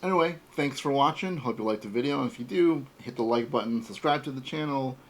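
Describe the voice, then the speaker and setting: A man in his forties hosting a casual toy unboxing, talking in a relaxed, rambling way. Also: medium pitch, fast talker, a little hiss or hum, poor audio. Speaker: toy collector host.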